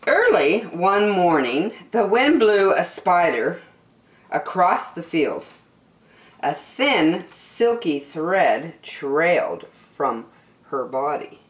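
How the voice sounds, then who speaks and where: A woman reading a picture book aloud to children in an animated, sing-song storytelling voice. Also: on the low side, slow, echoey room.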